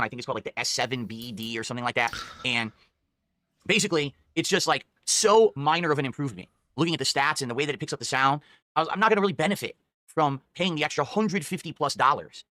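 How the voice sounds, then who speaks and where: A man's voice: medium pitch, fast talker, pushed and bright, no echo, studio quality. A man explaining his new microphone to viewers in a defensive, rambling way. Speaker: content creator reviewing a microphone. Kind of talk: product talk to viewers.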